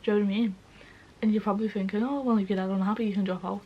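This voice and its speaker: A young adult woman vlogs to camera, frank and sweary, tearful with her voice breaking, and keeps asking "do you know what I mean." She talks rapid-fire in a steady, mid-range voice, on a muffled recording with a little hiss or hum.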